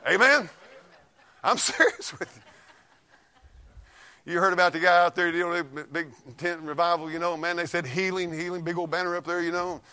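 A man preaching a fiery sermon, telling folksy stories and swinging from low mutters to loud shouts. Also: normal speed, pauses often, clean tone.

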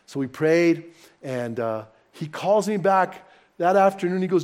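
A man preaching as a pastor, telling personal stories to his congregation with lively, rising excitement. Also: fairly high pitch, a little slow. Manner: animated, personal anecdotes told warmly to a congregation. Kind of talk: sermon storytelling.

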